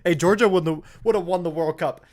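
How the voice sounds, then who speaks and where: A man's voice: a little high, quick pace. A young man hosting a live football watch-along stream, chatting casually, swearing freely and getting worked up over the play. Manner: excitable, swears freely, shouts and laughs at goals.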